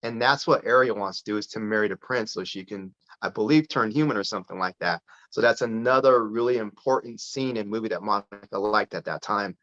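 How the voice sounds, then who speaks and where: A man telling a personal story as a guest on a podcast interview, lively and full of restarts. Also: lowish voice, a little fast, few pauses. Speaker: podcast guest, parent advocate. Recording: dull lo-fi sound.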